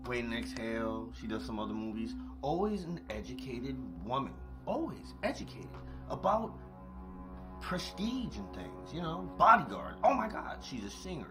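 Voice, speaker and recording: A man's voice: mid-range voice, very animated, normal speed, over music. A man hosting a late-night monologue, talking straight to his listeners, swearing freely, laughing often and repeating points for emphasis. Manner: talks to listeners directly, repeats himself for emphasis. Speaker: podcast host. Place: at home, eating with a cat nearby.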